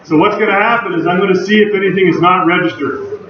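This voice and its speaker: A man lecturing a university class in a relaxed, chatty manner, his slightly raised voice bouncing around a very echoey lecture hall. He sounds far from the microphone, and the recording is dull and lo-fi with a faint hum behind him. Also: high-pitched, fast talker. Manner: casual, conversational, chatty with asides.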